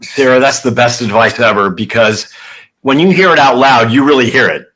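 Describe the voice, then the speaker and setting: A man's voice: medium pitch, normal speed, fairly bright tone, a little hiss or hum. Chatty male novelist, rambling delivery. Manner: rambling, loose, with many fillers and restarts. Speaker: novelist being interviewed. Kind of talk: casual conversational answers. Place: live online author event.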